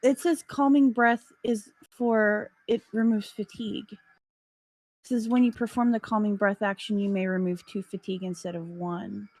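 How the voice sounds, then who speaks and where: A woman's voice: medium pitch, steady tone, moderate pace, a little mellow, no room sound. A woman playing a tabletop role-playing game, giggling, swearing and thinking aloud over the rules. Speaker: player.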